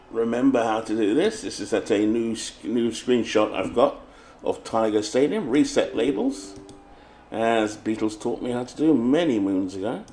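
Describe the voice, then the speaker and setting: A man's voice: medium pitch, darkish tone, a little hiss or hum. Chatty British man calling tabletop baseball. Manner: chatty, reads lineups like a play-by-play announcer. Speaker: tabletop baseball game host. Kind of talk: casual tabletop game commentary.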